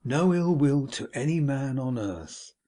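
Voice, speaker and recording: A man voicing a falsely pious older gentleman in an audiobook reading, speaking with sweet self-righteous reproach in a husky voice. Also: mid-range voice, animated, unhurried. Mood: mild reproach.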